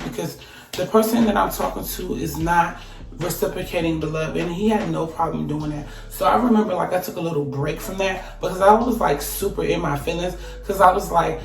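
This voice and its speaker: A woman recounting a personal story in a casual, profane, emphatic way, her voice often climbing loud. She sits a little back from the mic in an echoey room with faint music behind. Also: low voice, moderate pace, gravelly, far from the mic. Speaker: vlogger.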